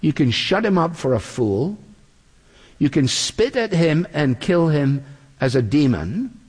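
A man preaching an earnest expository sermon. He slows down when he quotes scripture. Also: a little high, darkish tone, long reverb tail.

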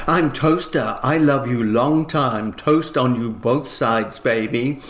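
A man's voice: medium pitch, takes it slowly, a bit bright. A man voicing a lecherous male toaster, recorded with a roomy echo. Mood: leering. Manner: leering, suggestive.

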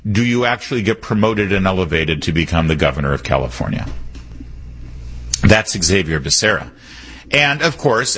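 Husky-voiced sarcastic talk radio host. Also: male voice, deep voice, fairly bright tone. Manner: punchy, sarcastic, opinionated. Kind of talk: political talk radio monologue.

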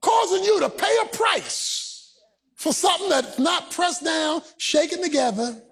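A male pastor delivering a fervent sermon, shouting and half-singing his lines in a husky voice. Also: very high voice, lively intonation, unhurried. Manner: shouting, preaching with sung cadence.

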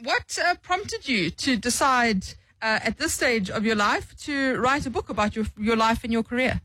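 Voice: mid-range voice, expressive, moderate pace, no room sound, rough recording. Radio host asking long, rambling questions. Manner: warm praise, frequent fillers and restarts when asking long questions. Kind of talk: radio interview.

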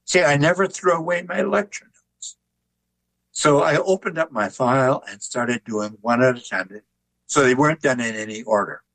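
An older man, an author and artist, telling stories in a relaxed, anecdotal way during an interview. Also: medium pitch, moderate pace, poor audio. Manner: relaxed anecdotal telling, chuckles at his own jokes. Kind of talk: conversational interview storytelling.

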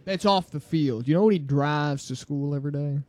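A man co-hosting a casual sports debate, animated and quick to jump in. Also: on the high side. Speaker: sports talk co-host.

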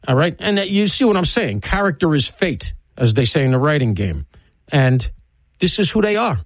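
Blunt, rambling New radio host. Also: male voice, fairly high pitch, big pitch swings, moderate pace, no echo, poor audio. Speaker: radio talk show host. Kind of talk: casual monologue previewing guests. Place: broadcast studio.

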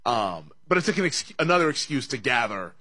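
A man's voice: medium pitch, big pitch swings, sharp tone, slightly rough, no echo. Jokey man hosting a betting show. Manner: jokey, laughs often, quick asides. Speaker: sports betting show host. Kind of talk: casual sports betting chat.

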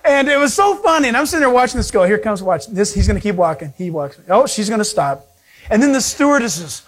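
A man preaching a sermon, telling stories with animated delivery and acting out the voices of people he met. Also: sits high, quick pace. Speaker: pastor.

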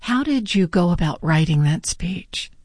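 Female interviewer, slightly low voice, measured delivery, dry recording. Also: lively intonation, darkish tone, no room sound. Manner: measured, prepared questions. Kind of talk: broadcast interview questions.

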